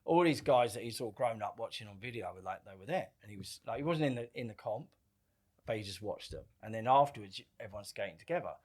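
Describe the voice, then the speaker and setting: A man's voice: fairly low pitch, fast talker. Man telling stories, swearing. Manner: animated, swears freely, acts out quoted lines. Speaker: podcast guest. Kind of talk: casual storytelling.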